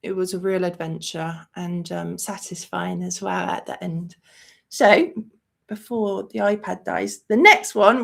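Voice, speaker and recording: A woman's voice: fairly low pitch, steady tone, a little slow, gravelly. A woman hosting a movie channel in a live-stream chat, talking emotionally and rambling with many fillers. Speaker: host of a movie review channel.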